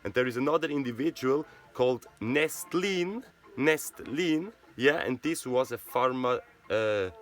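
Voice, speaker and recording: A man's voice: mid-range voice, a bit bright. A man from Switzerland, a native Swiss German speaker, talking in English with a Swiss German accent. His monologue rambles, and he keeps tagging his sentences with "you know" and "right?".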